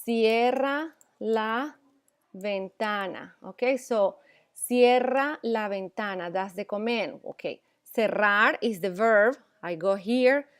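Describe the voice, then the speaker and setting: A woman's voice: medium pitch, slow pace. A woman teaching Spanish, explaining grammar patiently, repeating examples and often checking in with "okay?". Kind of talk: classroom grammar lesson.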